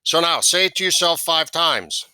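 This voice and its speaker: A sales trainer with a bright, forceful, slightly high voice and lively intonation speaks at a moderate pace; the recording is smooth and dry. Teaching a sales course to camera, he coaches step by step, repeats key phrases, and checks in with "right?" and "okay?"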